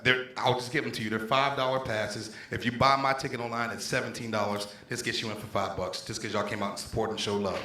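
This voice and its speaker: A man's voice: medium pitch, steady tone, fast, few pauses, pushed and bright. A man from Pittsburgh doing a stand-up set in a small comedy club, cursing freely and working the crowd. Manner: profane, loose, crowd-working banter. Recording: echoey room with crowd noise.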